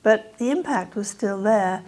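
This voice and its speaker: An older woman giving a measured, scholarly public lecture, pausing now and then with fillers. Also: mid-range voice, a little mellow, rough recording. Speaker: guest lecturer.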